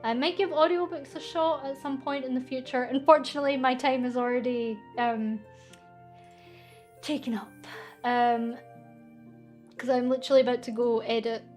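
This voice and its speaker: A woman's voice: high voice, fairly even intonation, moderate pace, long pauses, darkish tone, faint music behind. A young woman streaming a casual chat, reading viewer comments aloud in a bubbly, giggly way.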